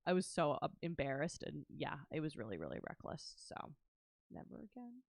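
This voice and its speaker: A woman's voice: low-pitched, very animated, fairly quick, vocal fry, no room sound, studio quality. A woman telling a self-deprecating story in casual comedic chat, trailing off and restarting as she goes. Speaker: comedy co-host.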